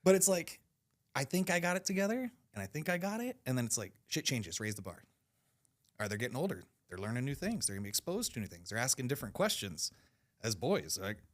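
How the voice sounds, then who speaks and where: A man chatting casually on a podcast, animated and swearing, jumping into loud high laughing shouts. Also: fast.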